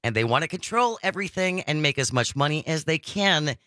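A woman as call-in radio host, animated delivery, bright tone, dry studio mic. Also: deep voice, brisk, no room sound. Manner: lively, reads listener texts aloud. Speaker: radio talk show host. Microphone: studio microphone.

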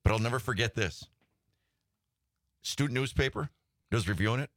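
A man co-hosting a casual talk show, bantering and joking quickly. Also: mid-range voice, fairly bright tone, no echo, studio quality. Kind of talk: casual chat.

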